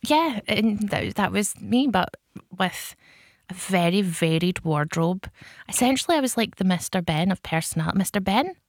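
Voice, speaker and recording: A woman's voice: mid-range voice, animated, moderate pace, no room sound, clean studio sound. A woman co-hosting a casual chat, telling self-deprecating stories with frequent laughter. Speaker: podcast co-host.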